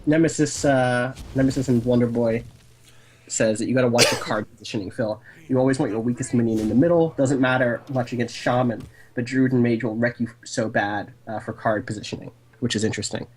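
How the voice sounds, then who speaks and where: A man's voice: medium pitch, steady tone, a little fast, darkish tone, slight background noise. A man chatting casually on a game stream, joking and rambling with sarcastic asides over a call headset. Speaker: stream co-host.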